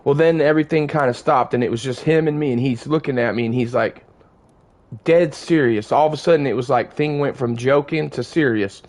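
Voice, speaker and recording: A man streaming a game, chatting and telling a long personal story to his live chat in a relaxed, profane, conversational way. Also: medium pitch, brisk.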